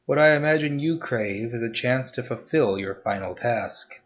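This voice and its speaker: A man voicing a calm, mysterious masked nobleman who speaks in a formal, measured way. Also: mid-range voice, lo-fi sound, lightly acted. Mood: cool, persuasive.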